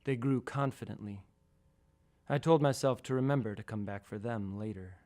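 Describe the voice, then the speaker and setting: A man calmly reading his own first-person radio essay, measured and a little wry. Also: lowish voice. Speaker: storyteller.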